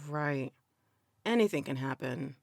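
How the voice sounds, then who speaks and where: A woman's voice: extremely low pitch, expressive, measured pace, creaky, a little mellow, slight background noise. A woman hosting a casual interview, teasing her guest and laughing often. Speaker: podcast host.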